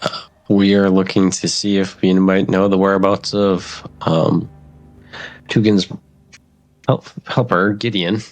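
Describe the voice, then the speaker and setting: Gravelly deep-voiced male player. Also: flat delivery, a little slow, long pauses, low-quality recording. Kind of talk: casual tabletop game chat.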